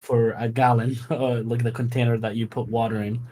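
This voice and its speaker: A man's voice: mid-range voice, level tone, fairly quick, warm tone. A man whose first language is Arabic, a guest on a live stream, chatting casually, teasing, laughing often and swearing. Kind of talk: casual chat.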